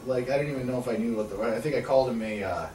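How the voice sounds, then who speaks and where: Man, 30s, fast and profane podcast host, recorded far off in a roomy space with faint noise. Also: mid-range voice. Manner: profane, rambling storyteller, acts out quotes loudly. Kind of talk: casual storytelling chat. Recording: echoey room, voice far from mic, faint background noise.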